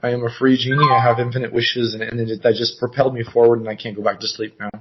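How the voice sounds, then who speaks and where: A man rambles over a video call, halting and restarting as he goes. His voice stays flat and even, with little rise or fall. The audio is dull and lo-fi. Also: medium pitch, heavy background noise. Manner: meandering, halting, many fillers and restarts. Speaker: caller. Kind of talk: rambling casual chat.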